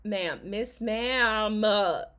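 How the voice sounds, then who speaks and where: A woman's voice: mid-range voice, very slow, fairly bright tone, smooth. A woman in her thirties chatting casually while reacting to a video, blunt and sarcastic, swearing and laughing often. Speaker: commentary vlogger.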